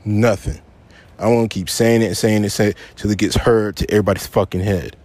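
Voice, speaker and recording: A man's voice: fairly low pitch, fairly even intonation, brisk, darkish tone, dry recording. A man hosting his own podcast, ranting angrily with heavy swearing and repeating his points for emphasis, frustrated and upset. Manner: angry, profane, repeats himself for emphasis. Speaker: podcast host. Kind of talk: solo podcast rant.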